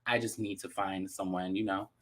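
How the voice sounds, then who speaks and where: A man with a Baltimore accent co-hosting a casual chat show, sassy and animated with playful slang. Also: deep voice, normal speed. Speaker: co-host.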